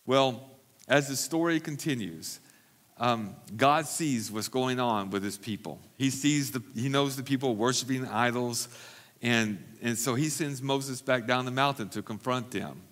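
Bright-voiced emphatic male pastor preaching. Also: mid-range voice, unhurried. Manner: emphatic preaching, repeats phrases for stress. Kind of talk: sermon. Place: church recovery meeting.

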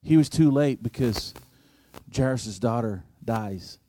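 A man preaching a sermon, telling a story slowly and deliberately, his volume rising and falling for effect. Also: mid-range voice, dark tone. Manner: slow, deliberate preaching with dramatic swings in volume.

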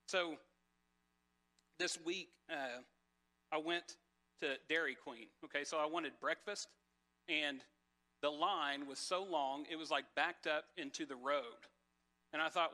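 Pastor, man, slightly high bright voice, chatty sermon with a personal story, loose and conversational. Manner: conversational, many fillers and restarts.

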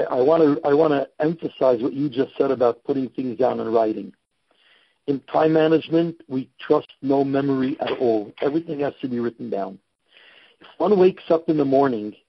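A man's voice: mid-range voice, gravelly, slightly rough, no echo, dull audio. A man giving emphatic, instructive advice as a guest in an interview, repeating his key points. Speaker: guest, time management coach. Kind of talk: podcast interview.

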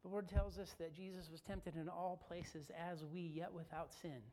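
A man's voice: a little high, fairly even intonation, normal speed, warm tone. Fervent male preacher telling a story. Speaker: pastor. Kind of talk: sermon.

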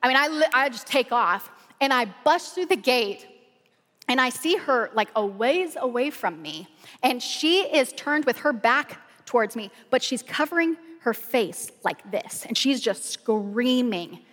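A middle-aged woman pastor, telling a lively story in a casual, colloquial sermon style. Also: a little high, unhurried. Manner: animated, colloquial storytelling with "y'all". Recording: long hall reverb.

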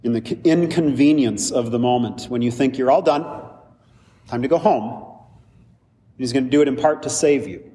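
A man's voice: medium pitch, moderate pace, warm tone. A male pastor preaching a sermon in a conversational, lightly humorous way, with asides to the congregation. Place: church sanctuary. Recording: distant mic with long hall reverb.

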